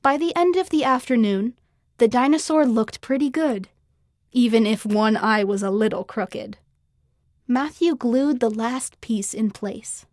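A woman reads a children's story aloud, shaping each scene with clear, expressive storytelling. Her voice sits a little high, and the studio sound is dry and close. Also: a little slow, dry recording. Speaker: narrator. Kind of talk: scripted children's story narration.

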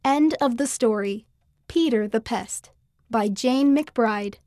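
A woman narrating a children's story in a clear, expressive manner. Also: a little high, slow, no echo, clean studio sound.

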